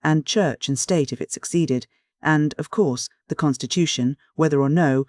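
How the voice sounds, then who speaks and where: Steady audiobook narrator, dry sound. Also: medium pitch, moderate pace, no echo.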